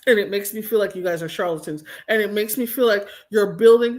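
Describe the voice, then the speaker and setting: A woman's voice: mid-range voice, brisk, few pauses. A woman hosting a livestream, ranting in a blunt, profane, exasperated way. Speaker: livestream host. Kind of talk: casual ranting commentary.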